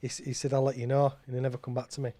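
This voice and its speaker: A man's voice: mid-range voice, level tone, rapid-fire, mellow. A man presenting local radio, chatting casually and rambling, often repeating and restarting his words.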